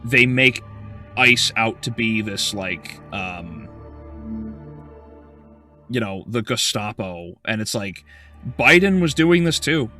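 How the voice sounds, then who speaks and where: A man's voice: fairly low pitch, lively intonation, slow pace, pauses often, sharp tone, faint music behind. A male game streamer in casual livestream chat, ranting heatedly with profanity and frequent stumbling restarts.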